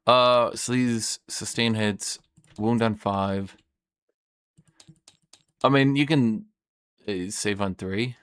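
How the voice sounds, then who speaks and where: A man's voice: lowish voice, fairly even intonation, takes it slowly, pauses often, fairly bright tone, clear, resonant tone. A man playing a tabletop wargame, thinking aloud, counting dice and swearing at his own mistakes. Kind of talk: casual play commentary.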